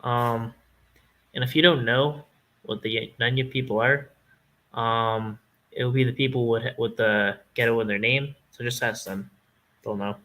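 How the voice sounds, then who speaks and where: A man with a Canadian accent talks in a bright, forward voice. He rambles loosely and jokes, swearing freely as he goes. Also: mid-range voice, fairly even intonation, measured pace, rough recording. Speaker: streamer. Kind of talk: casual chat.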